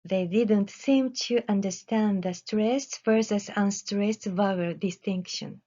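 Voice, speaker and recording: In a dull, lo-fi recording, a researcher with a dark, mid-range voice works through an academic presentation. She reads unhurriedly and with care, pausing between phrases.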